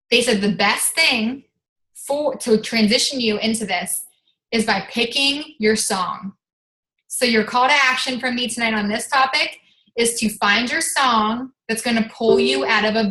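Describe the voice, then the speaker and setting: A woman coaching her fitness team on a motivational call, with a bright, ringing voice pitched a little high. She talks in an energetic, chatty way, full of "like" and casual swearing. The sound bounces around an echoey room. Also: unhurried.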